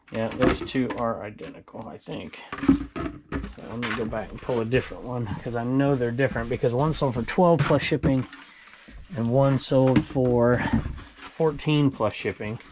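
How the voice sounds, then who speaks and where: A man's voice: mid-range voice, heavy background noise. A man from Southern California, chatting casually to viewers as he shows items he resells. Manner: rambling, chatty, talks to viewers. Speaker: reseller vlogger. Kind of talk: casual chat.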